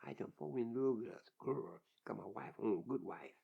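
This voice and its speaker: A man's voice: medium pitch, animated, moderate pace, vocal fry, breathy edge. An older man telling his life story in an interview, plain-spoken and vivid, often repeating words as he goes. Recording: dull lo-fi recording.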